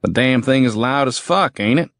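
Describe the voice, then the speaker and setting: A man's voice: medium pitch, expressive, normal speed, a bit bright, no echo, pitched above the performer's own voice. A man voicing a crude, cocky male army veteran with a drawl, foul-mouthed and taunting, in a dry, close audiobook recording. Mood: gloating. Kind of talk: audiobook character voice.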